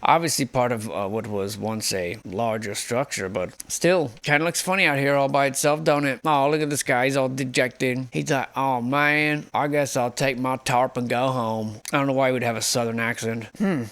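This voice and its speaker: A man hosting casual, sarcastic commentary on photos of buildings, speculating as he goes. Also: mid-range voice. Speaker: host.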